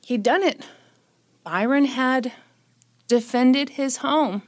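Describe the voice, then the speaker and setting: A woman podcast host narrating a true crime tale with jokey sarcasm, sounding short on sleep. Her voice sits fairly high and is recorded close and dry. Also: slow pace, dry recording. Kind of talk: true crime storytelling and casual chat.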